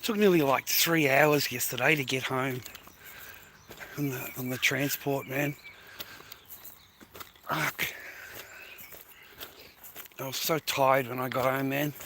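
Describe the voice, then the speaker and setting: A man's voice: medium pitch, fairly even intonation, takes it slowly, pauses often, pushed and bright, a little hiss or hum. A tired, middle-aged man with an Australian accent, rambling and swearing as he talks to his viewers while walking outdoors. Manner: rambling, swears a lot, addresses viewers as mate and boys. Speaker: vlogger. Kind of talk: casual rambling monologue to viewers. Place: outdoors, walking to a bus stop early in the morning.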